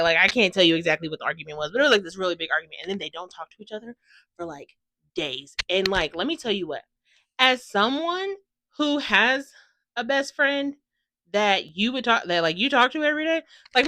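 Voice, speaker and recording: A young woman reviews a book in a loose, gushing ramble, full of "like" and casual swearing. Her voice is bright and forward, and she sounds a little tired. It is recorded dry and close, with no room sound. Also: medium pitch, no echo. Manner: gushing, rambling, excitable, swears freely, lots of "like". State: tired from no sleep.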